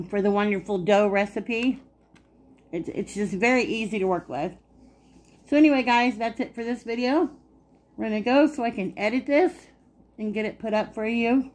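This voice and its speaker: A woman's voice: on the high side, normal speed, darkish tone. A woman hosting a casual home cooking video, chatting homely to viewers and sometimes talking with her mouth full. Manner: chatty, homey, talks while eating. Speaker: cooking channel host. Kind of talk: casual cooking vlog talk.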